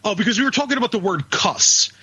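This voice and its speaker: A podcast co-host from the northern US rants in casual chat, swearing heavily. His voice sits high and sounds animated, fast, pushed, bright, and husky, captured in dull lo-fi podcast audio.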